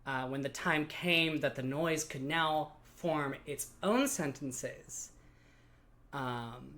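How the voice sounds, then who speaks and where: A podcast host telling a strange story in casual chat, animated and given to fillers and giggles. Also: mid-range voice, slow.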